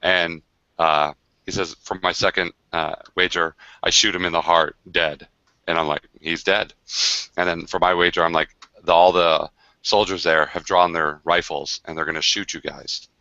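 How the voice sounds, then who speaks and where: A man with a deep voice and a bright, forceful edge tells a long game anecdote in a loose, chatty way, full of fillers and restarts. The sound is dry and a little dull, like a video call. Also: moderate pace, no room sound. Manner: rambling, many fillers and restarts, animated. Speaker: game designer on a livestream. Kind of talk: casual storytelling of a game session.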